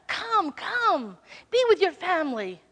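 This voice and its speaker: A woman's voice: very high voice, big pitch swings, slow pace, a bit bright, pitched above the performer's own voice, heavily acted. A woman doing a coaxing grown daughter. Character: pleading grown daughter, affectionate. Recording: reverberant hall.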